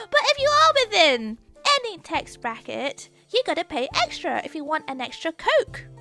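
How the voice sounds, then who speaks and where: Bubbly woman streamer, squeaky high voice with big swoops, ranting and giggling, soft music underneath. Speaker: VTuber streamer. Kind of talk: casual chat stream.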